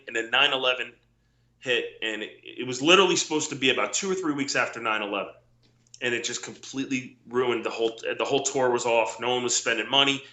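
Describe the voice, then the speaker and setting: A man's voice: medium pitch, sharp tone, roomy sound. A middle-aged man, a former wrestler, telling rambling anecdotes full of quoted dialogue in a casual interview.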